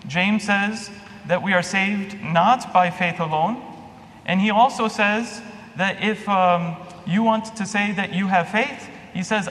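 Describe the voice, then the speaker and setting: A man's voice: sits high, takes it slowly, fairly bright tone. A man giving a sermon as a priest, telling a story in a conversational way with restarts and fillers. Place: church. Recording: long reverb, faint hum.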